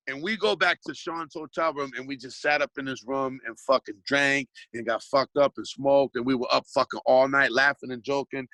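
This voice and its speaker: A man's voice: mid-range voice, bright, forceful tone, dry recording, low-quality recording. A man telling a long street story in casual chat, swearing freely and restarting his sentences often. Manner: profane, rambling, restarts a lot. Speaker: hip-hop artist guest.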